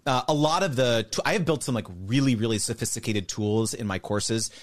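A man being interviewed on a podcast, explaining step by step in an animated way. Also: medium pitch, fairly quick. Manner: animated, explains step by step, mimics others' voices. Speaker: guest, creator business educator.

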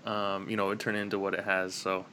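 A man's voice: deep voice, monotone, fast, a loud crowd. An American man hosting a casual interview podcast, speaking with many fillers and restarts over a remote call. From United States. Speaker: podcast host.

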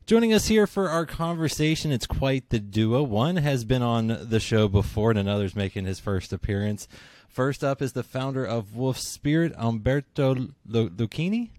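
A man hosting a casual interview over a video call, easygoing and quick to laugh. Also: mid-range voice, animated, a little mellow, dry recording. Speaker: show host.

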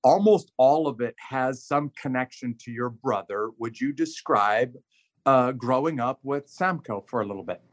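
A man's voice: medium pitch, moderate pace. A man hosting a podcast interview, asking friendly, playful questions. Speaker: podcast host.

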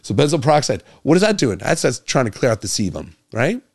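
A man's voice: big pitch swings, quick pace, no echo, clean studio sound. A man hosting a medical podcast alone, talking with passion, stumbling over repeated words and firing rhetorical questions. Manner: grows louder and higher when exasperated. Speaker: podcast host, doctor. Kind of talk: solo podcast monologue.

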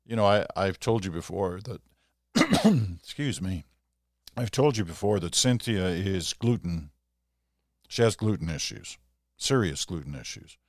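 A man's voice: low voice, lively intonation, unhurried, no room sound, studio quality. An older man hosting a solo podcast, chatting in a rambling way with self-deprecating asides. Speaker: podcast host. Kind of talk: casual solo podcast monologue.

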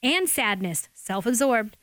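A woman guest sharing a personal faith testimony in a lively, expressive storytelling manner. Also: on the high side, slow pace, dry recording. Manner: animated, acts out quotes.

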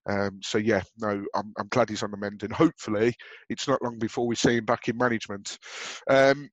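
A man's voice: fairly low pitch, flat delivery, brisk, no echo, dull audio. Brummie guy cohosting a footy podcast, rambly, lots of ums, dry sound. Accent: Birmingham. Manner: chatty, rambling with restarts and fillers. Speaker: podcast co-host. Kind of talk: casual football podcast chat.

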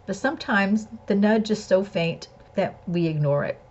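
A woman's voice: medium pitch, normal speed, highs cut off. A woman earnestly recounting a personal story and drawing a spiritual lesson from it, speaking candidly.

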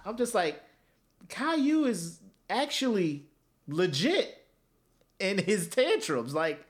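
Slipping into silly voices as he goes, a male podcast co-host tells animated stories in a casual comedic chat. His voice sits high and his pace is unhurried.

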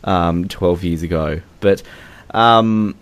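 A man's voice: deep voice, slow, clear, resonant tone. A man with an Australian accent hosting a casual podcast chat in a joking, teasing way. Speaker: podcast host.

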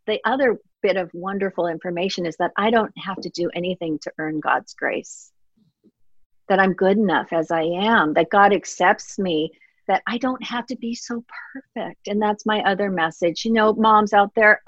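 In a reflective interview, a middle-aged woman author speaks at normal speed in a mid-range voice. Heartfelt and earnest, she keeps reenacting her own earlier words. The recording is dry and somewhat dull, without any room sound.

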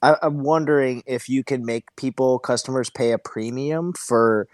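A man's voice: medium pitch, normal speed, darkish tone, dry recording. A man with an ordinary mid-range voice asks his question plainly and keeps his remarks short and dry. The sound is close and dry. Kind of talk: casual chat.

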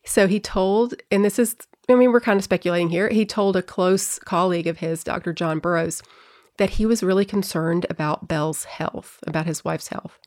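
A woman's voice: fairly low pitch, fairly even intonation, moderate pace, darkish tone. A woman hosting a true-crime podcast in a casual, chatty way, laughing often and acting out quotes. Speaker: podcast host.

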